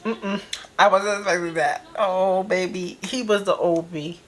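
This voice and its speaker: A woman's voice: fairly low pitch, fairly even intonation, a little slow. A woman hosting a reaction video, chatty and laughing as she comments, calling the listener baby. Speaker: reaction channel host.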